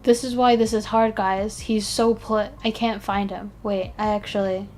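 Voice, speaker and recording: A weary woman mumbles and chats through a relaxed live stream as she works, yawning often and making fun of herself. Her slightly mellow, mid-range voice holds little pitch movement at a moderate pace, and some hiss or hum sits in the background.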